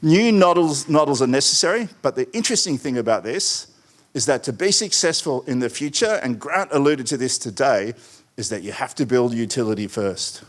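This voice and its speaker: A man's voice: medium pitch, lively intonation, a little fast. A middle-aged man delivers a conference keynote. He has a mid-range voice and tells his points through wry, rambling asides and anecdotes. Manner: wry, digressive storyteller with asides. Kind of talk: conference presentation.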